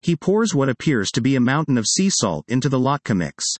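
A man reading a personal essay aloud in a wry, expressive storytelling manner. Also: medium pitch, fairly quick, dry recording. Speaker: narrator.

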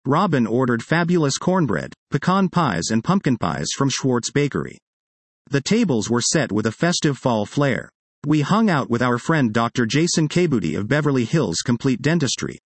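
A man reading a first-person magazine article aloud in a lively, expressive way. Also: mid-range voice, normal speed, no room sound.

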